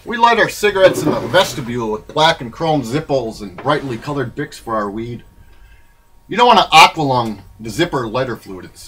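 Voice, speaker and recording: A man reading his own memoir in a rambling, wry, irreverent way, swinging between loud bursts and low mutters. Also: slight background noise, poor audio. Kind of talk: spoken-word memoir reading.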